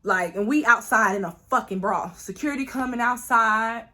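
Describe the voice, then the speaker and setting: A woman from Florida telling a storytime vlog, animated and profane, acting out what people said with sudden jumps in pitch. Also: normal speed. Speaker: vlogger.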